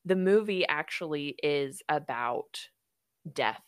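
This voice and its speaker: A woman's voice: low-pitched, expressive, slow, clear, resonant tone, no room sound, clean studio sound. A woman hosting a podcast in casual chat, rambling with fillers and laughing often. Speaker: podcast host.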